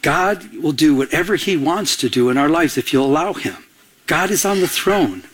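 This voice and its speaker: A middle-aged male pastor with a high voice, delivering a lively sermon full of personal stories. He talks in an animated way, doubling back and repeating words as he goes. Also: normal speed, a little hiss or hum.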